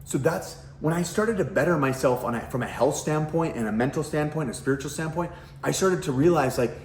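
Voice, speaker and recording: A man's voice: on the high side, brisk, roomy sound, a little hiss or hum. A middle-aged man, a parenting coach, talking bluntly to camera at home with lots of swearing and rhetorical questions. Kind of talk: casual direct-to-camera talk. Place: at home, kitchen nearby.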